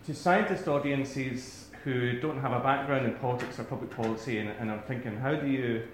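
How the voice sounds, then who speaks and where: A man's voice: medium pitch, fairly quick, echoey room, a little hiss or hum, low-quality recording. A man with a Scottish accent giving a talk to a live audience in a rambling, self-deprecating way, full of restarts. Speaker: academic speaker.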